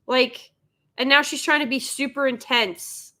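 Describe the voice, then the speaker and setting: Young woman streamer, sarcastic reaction commentary, fairly high and bright-toned voice. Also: fairly even intonation, measured pace. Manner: sarcastic, exasperated critique.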